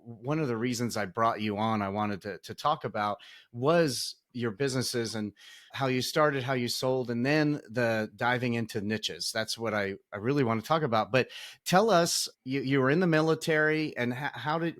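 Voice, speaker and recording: An upbeat man hosts a casual podcast interview, laughing often and backing up to restart his sentences. His voice sits at an ordinary middle pitch. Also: a bit bright. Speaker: podcast host.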